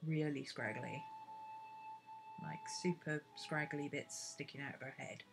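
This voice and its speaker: A woman's voice: deep voice, a little slow, creaky. A woman, chatting and thinking aloud as she teaches a drawing lesson. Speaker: art teacher. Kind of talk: casual drawing tutorial. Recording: music playing under the voice.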